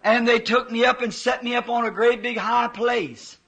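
A man's voice: very high voice, steady tone, normal speed, vocal fry, a bit bright, slightly rough, highs cut off. A man preaching a sermon, telling a vision with emotional, fervent quoted dialogue.

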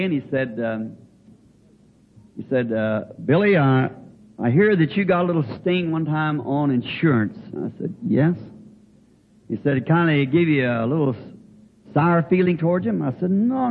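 Older male preacher, folksy halting storyteller, tinny lo-fi recording with faint hiss. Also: medium pitch. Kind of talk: folksy sermon anecdote.

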